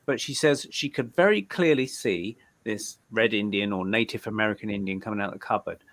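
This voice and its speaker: A man's voice: on the low side, fairly quick, fairly bright tone. Man telling a spooky tale. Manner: chatty, repeats words when starting sentences. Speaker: guest medium. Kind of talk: casual storytelling in a live interview.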